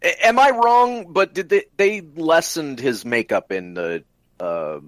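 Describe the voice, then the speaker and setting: A man's voice: fairly high pitch, lively intonation, unhurried, a bit bright, no echo. A man hosting a podcast, explaining at length in casual chat and cutting in on others. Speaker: podcast host.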